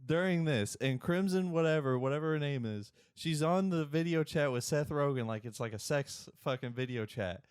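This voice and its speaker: A young man co-hosting a podcast, casually recapping a TV episode in a rambling, animated way. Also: a little high, normal speed, few pauses, clear, resonant tone. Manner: rambling, animated retelling with loud acted-out quotes. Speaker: podcast co-host.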